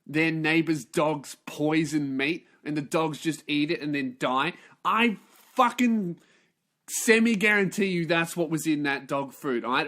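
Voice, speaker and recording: A man's voice: on the high side, fairly bright tone. Profane, ranting young man. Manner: profane, exaggerated outrage. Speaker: podcast host. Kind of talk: comedic rant.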